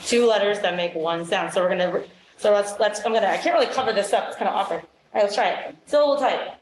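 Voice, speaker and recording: A woman teacher leading a classroom phonics demonstration with brisk quizzing questions and quick praise. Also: medium pitch. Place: meeting room. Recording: echoey room.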